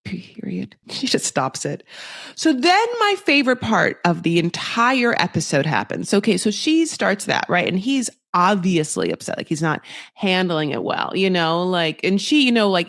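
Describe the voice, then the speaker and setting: A woman's voice: mid-range voice, no room sound, clean studio sound. Rambling, gossipy woman recapping reality TV. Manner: rambling, gossipy, heavy on fillers. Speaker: podcast host. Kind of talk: casual reality TV recap commentary.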